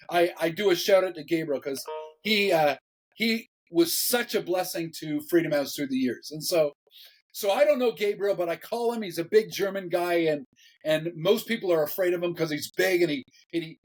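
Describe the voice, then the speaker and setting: Animated male pastor telling a story. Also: sits high, low-quality recording. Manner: animated, repeats words, laughs while telling. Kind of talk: casual storytelling interview.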